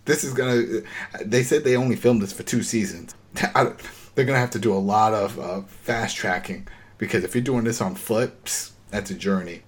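A man hosting a casual recap chat, talking in an animated, riffing way with incredulous outbursts. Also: lowish voice, moderate pace. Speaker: podcast host.

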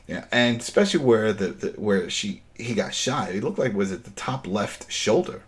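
A man hosting a casual chat, retelling a TV episode in an animated way and acting out the lines. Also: on the low side. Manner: animated storytelling, acting out scenes, quick laughs. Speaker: podcast host recapping a TV episode.

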